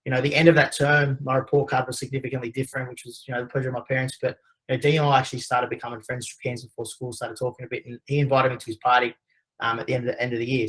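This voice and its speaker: Fast-talking Australian man telling a story. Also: medium pitch, a bit bright, rough recording. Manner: conversational, frequent "you know" fillers. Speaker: webinar presenter. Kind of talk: personal storytelling.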